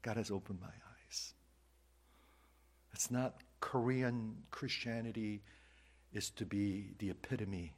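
A male pastor preaching a sermon, swinging between loud emphatic lines and hushed whispers, repeating key phrases for emphasis. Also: lowish voice, steady tone, slow, pauses often.

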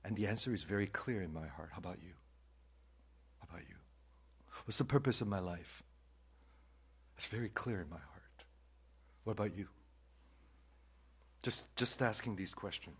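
An older man who first spoke preaches a sermon with a lively, swinging delivery. He drops to hushed near-whispers, then climbs to loud, forceful peaks. He keeps turning to the congregation with questions. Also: lowish voice, moderate pace, long pauses, breathy edge. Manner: asks the congregation repeated questions. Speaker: pastor.

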